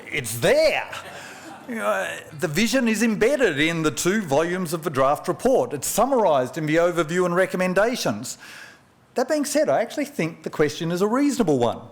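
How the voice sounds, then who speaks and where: A man, an economist, delivering a formal memorial oration in a measured lecturing way, with rhetorical questions and personal anecdotes, at a podium microphone. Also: fairly high pitch. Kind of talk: formal public speech. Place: large function room at a press club.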